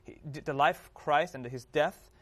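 A man talking earnestly in a relaxed group Bible discussion. He quotes scripture and pads it with "you know" and "right?". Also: a little high, normal speed. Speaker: panel member.

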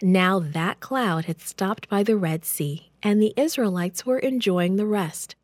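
A woman with a medium-pitched voice reads a children's Bible story aloud, gentle and expressive. She takes her time, letting each phrase land slowly, in a dry recording close to the mic.

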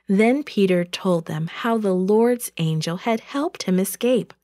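Slow, expressive woman reading a storybook. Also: mid-range voice, no room sound, studio quality. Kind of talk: children's storybook narration.

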